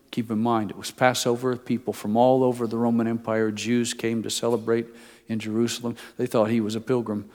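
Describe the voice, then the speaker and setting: Man, preacher, sermon, storytelling, loud emphasis and hushed asides, long hall reverb. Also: medium pitch, little pitch movement. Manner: storytelling, shifting between loud emphasis and soft slow asides.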